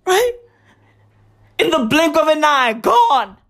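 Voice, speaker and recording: A woman comedian doing a profane stand-up rant with exaggerated outbursts and shouting. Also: high voice, big pitch swings, slow pace.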